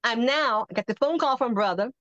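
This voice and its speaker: An older woman on a podcast telling a personal testimony, animated and acting out the voices she quotes. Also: fairly high pitch, brisk, dry recording. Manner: animated storyteller who acts out quoted voices. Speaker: podcast guest. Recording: dull lo-fi dry sound.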